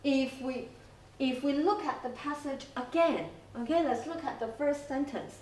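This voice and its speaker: Slow, roomy-sounding woman teacher. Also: high voice, darkish tone, slight background noise. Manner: slow, explanatory, checks in with frequent okay. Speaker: English teacher. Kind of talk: classroom lesson recording. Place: school classroom. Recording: roomy classroom, from a distance.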